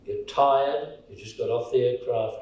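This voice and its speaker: A man's voice: mid-range voice, unhurried, a little mellow. An Australian man giving a joking, story-filled speech at a college event. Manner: jokey, storytelling. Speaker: college representative. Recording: echoey hall from far off.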